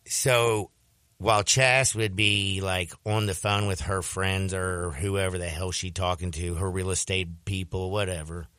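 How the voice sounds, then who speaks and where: A man hosting a sports radio show, telling a story in a casual, animated way and slipping into voices when he quotes people. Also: low-pitched, a little slow, clear, resonant tone, no echo, clean studio sound.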